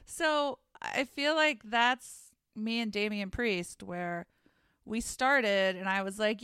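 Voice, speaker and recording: Wry, smooth-voiced woman podcast host. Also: mid-range voice, a bit bright, no echo, clean studio sound. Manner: chatty, wry, quick to laugh. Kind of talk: casual wrestling recap chat.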